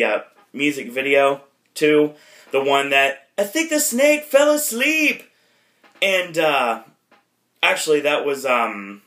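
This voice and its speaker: Male podcast host, mid-pitched, bright and forward tone, casual rambling delivery. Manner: rambling, many fillers and self-deprecating asides. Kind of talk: casual movie retrospective.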